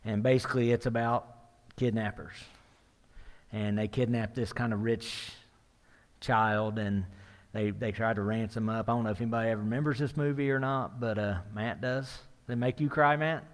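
In a church sanctuary with long hall reverb, a middle-aged pastor preaches a sermon conversationally, often asking the room "right?" and building in intensity as he retells a story. His voice is lowish, his intonation fairly even, his pace moderate.

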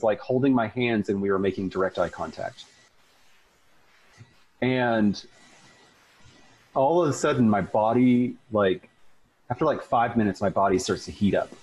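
A man's voice: mid-range voice, husky, poor audio. A man casually telling a long personal story, chatty and full of fillers. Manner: chatty, filler-heavy, animated retelling.

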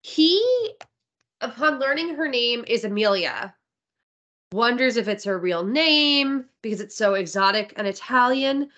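A woman with a bright, fairly high voice talks through a book review with her co-host. Her chat is casual and enthusiastic, and she swears now and then. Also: expressive, a little slow, lo-fi sound. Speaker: podcast co-host.

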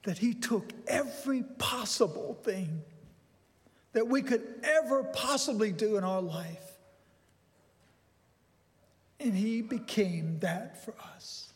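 High-voiced older pastor in a big hall. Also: male voice, slow pace, long pauses. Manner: folksy storytelling, building to excited, high-pitched bursts. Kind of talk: sermon with personal story. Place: church sanctuary. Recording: long reverb in a large hall.

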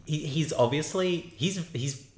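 A man's voice: fairly high pitch, a little slow, darkish tone, roomy sound. A man co-hosting a podcast, recapping a TV episode with dry, wry asides and corrections. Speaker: podcast co-host. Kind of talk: casual chat recapping a TV episode.

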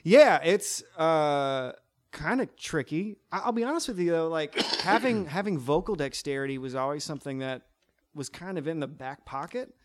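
A chatty man with a fairly high tenor voice, talking casually as an interview guest. He rambles with fillers and restarts. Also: expressive, normal speed. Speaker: guest, stage performer.

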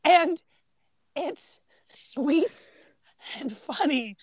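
A woman's voice: high voice, drawn-out words, no room sound. A woman co-hosting a casual film chat, retelling scenes and acting out the lines. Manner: animated, acts out quoted lines. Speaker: podcast co-host.

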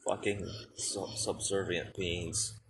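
A man's voice: deep voice, steady tone, creaky, fairly bright tone, slight background noise, poor audio. A young man co-hosting a podcast in casual chat, rambling and musing, laughing often. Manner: slow, rambling, giggly, musing. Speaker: podcast co-host.

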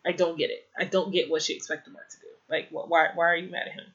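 A fast-talking young woman with a low-leaning, level, fairly bright voice recaps a TV episode casually. She rambles with lots of "like" and slips in exasperated, opinionated remarks. The recording is slightly dull lo-fi.

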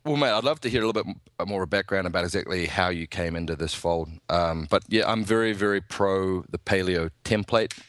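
A man's voice: sits low, brisk, a bit bright, no echo. A man with a New Zealand accent, a nutrition coach as a podcast guest, friendly and chatty with some stammered restarts. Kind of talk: casual interview chat.

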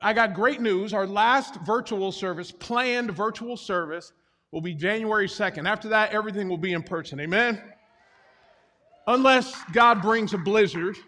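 Male pastor, high-pitched, winded, preaching to the room with jokes and call-outs; long reverb of a church hall. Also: moderate pace, bright, forceful tone. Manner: jokey, talks with the congregation, asks for responses. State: out of breath. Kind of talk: sermon.

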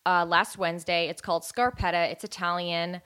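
A woman's voice: fairly low pitch, steady tone, normal speed, a bit bright, smooth. A woman co-hosting a podcast, telling a blunt, sweary story in casual chat. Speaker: podcast co-host.

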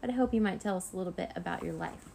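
A prim female schoolteacher, polite on the surface but impatient underneath, as a woman puts her on in a storybook read-aloud. The voice is low-pitched with a gravelly fry, and faint noise sits behind it. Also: rapid-fire, warm tone.

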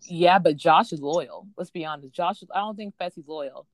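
A woman's voice: on the low side, normal speed, no room sound. A woman, co-hosting a podcast and chatting about a reality show, opinionated and acting out other people's quotes. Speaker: podcast co-host. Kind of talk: casual chat recapping a reality show.

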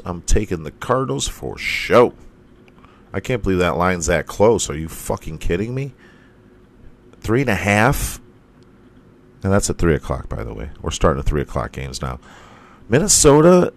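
Hoarse, slow, deep-voiced man. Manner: rambling, profane, self-interrupting. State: hoarse, losing his voice. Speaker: podcast host. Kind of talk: casual sports picks chat.

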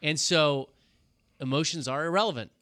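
A man with a bright, forceful voice moves the conversation along with questions. It is a casual podcast chat, recorded dry and close on a studio mic. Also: a little high, normal speed, dry recording. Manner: steers the talk with questions. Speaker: podcast co-host.

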